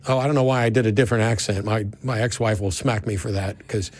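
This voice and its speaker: A man's voice: lowish voice, fairly even intonation, fast talker, hardly any pauses, a little mellow, no room sound. A man hosting a call-in show, arguing bluntly with a caller, cutting in and swearing when exasperated. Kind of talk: call-in debate.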